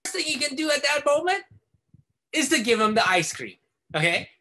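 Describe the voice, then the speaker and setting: A man teaching a casual behavior-therapy lesson with a bright, forceful voice. He explains in an animated, chatty way, often slipping into little acted-out scenes. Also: very high-pitched, normal speed, a little hiss or hum. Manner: animated, casual, acts out examples.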